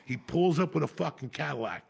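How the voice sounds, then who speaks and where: A man, hosting a podcast and telling a profane, animated story. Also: fairly high pitch, fairly quick, creaky, background noise. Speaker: podcast host. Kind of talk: storytelling chat.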